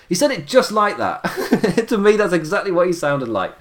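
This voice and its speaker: His voice high and very animated, a British podcast host reviews wrestling at a moderate pace. He's tired and his voice is wearing out, yet he keeps chatting casually and laughing often.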